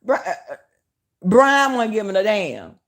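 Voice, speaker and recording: A woman with a Southern US accent talks straight to her viewers on a casual livestream. She is loud and animated, swears freely and hollers as she speaks. Her voice sits at a middle pitch for a woman. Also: unhurried. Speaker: vlogger.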